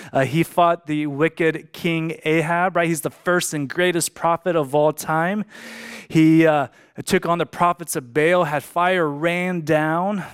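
A man's voice: a little high, clear, resonant tone. A man preaching a sermon as a pastor, emphatic, repeating key lines for emphasis.

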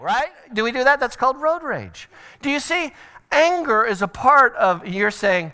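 A middle-aged man teaching a parenting seminar at church, animated and acting out family scenes with sudden shouted voices. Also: extremely high pitch, normal speed.

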